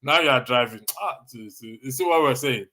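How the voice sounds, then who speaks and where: A man's voice: medium pitch, fairly quick, bright, forceful tone. A Nigerian man hosting a casual live stream, reading viewer comments with a jokey, teasing manner and frequent laughter.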